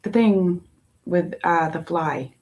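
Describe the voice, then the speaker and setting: A woman tarot reader in a casual spiritual talk, musing in a slow, meandering way with long pauses. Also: on the low side, a little mellow, highs cut off.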